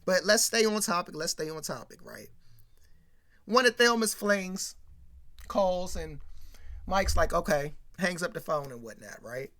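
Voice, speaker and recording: A show-recap commentator speaks in a bright, forward, medium-pitched voice, unhurried and pausing often. Talking straight to the audience in a slangy, digressive style, they grow louder and more animated when walking through scenes.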